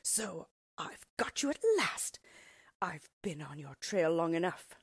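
A woman voicing a determined female hunter who mutters slowly and grimly in a storybook reading. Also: low voice, lively intonation, breathy edge, no echo, studio quality, full character voice. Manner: muttering, slow and grim.

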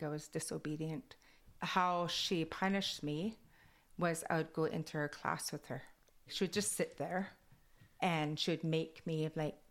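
Lively woman with Kwakwala-accented English. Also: sits low. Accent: Kwakwala-influenced English. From Alert Bay, British Columbia, Canada. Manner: animated, laughing often, uses "like" a lot. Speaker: interviewee. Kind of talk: casual storytelling.

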